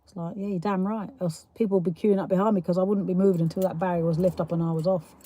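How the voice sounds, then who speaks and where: A woman's voice: fairly low pitch, fairly even intonation, rapid-fire, dark tone, husky. A woman from South East London with a South East London accent, hosting a casual livestream and chatting with viewers, laughing often between rambling asides. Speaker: livestream host. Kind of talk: casual live chat reading comments.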